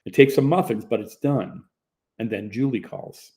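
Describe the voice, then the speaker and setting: A man's voice: medium pitch, normal speed, darkish tone. A young man narrating a first-person audiobook in a plain, conversational storytelling manner.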